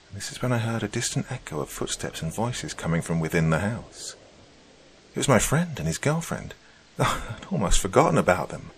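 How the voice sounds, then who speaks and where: A man with a very low voice narrates a first-person story. His delivery is slow, measured and hushed, with careful pauses.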